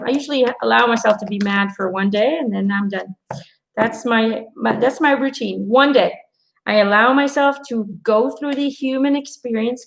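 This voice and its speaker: A middle-aged woman, an intuitive card reader, gives a live angel card reading in a slightly high voice with vocal fry, captured on a rough recording. She chats casually and reassures her viewers, speaking to them directly and telling animated stories with quoted asides.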